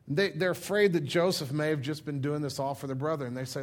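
A man's voice: fairly high pitch, fairly even intonation, fast talker, hardly any pauses. A middle-aged man preaching a sermon as pastor, talking in an earnest, conversational way and acting out the scripture in his own words.

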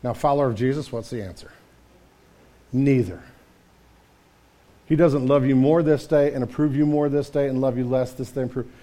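A man's voice: mid-range voice, moderate pace, pauses often, mellow. A man preaching a sermon to his congregation in a conversational way, often repeating words and throwing in "man" as he talks. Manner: repeats words and restarts mid-sentence. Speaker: pastor.

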